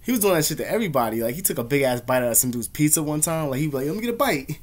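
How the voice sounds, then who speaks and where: A man's voice: mid-range voice, lively intonation, racing. An American man telling rambling, profane stories in a casual vlog, laughing often. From United States. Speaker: vlogger. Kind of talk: casual storytelling.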